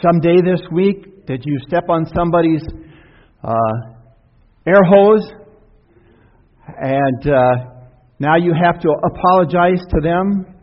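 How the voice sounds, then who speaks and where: A pastor speaks slowly with long pauses in a voice on the high side, preaching a folksy, conversational sermon with asides and questions to his congregation. It was recorded in a church sanctuary, sounding dull with long church reverb.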